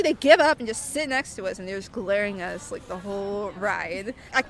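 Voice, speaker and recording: A young woman telling a story in a casual, animated way, full of fillers and acted-out voices. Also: medium pitch, fairly quick, creaky, hardly any pauses, a little hiss or hum. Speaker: interviewee.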